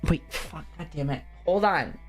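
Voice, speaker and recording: Woman streamer reacting to vids, low-ish voice, swears a ton, laughs a lot, faint music behind. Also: animated, normal speed. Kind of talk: casual stream chat reacting to videos.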